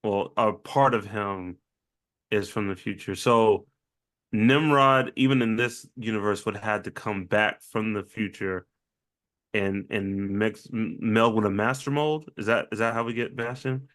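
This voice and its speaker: A man's voice: lowish voice, measured pace, fairly bright tone. A man co-hosting a pop-culture podcast, joking and laughing through casual talk. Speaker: podcast co-host. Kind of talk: casual chat.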